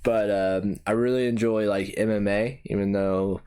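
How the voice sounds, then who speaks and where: A man's voice: lowish voice, steady tone, moderate pace, mellow, clean tone. A male podcast guest chatting casually, speaking in loose slang and swearing freely. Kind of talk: casual chat.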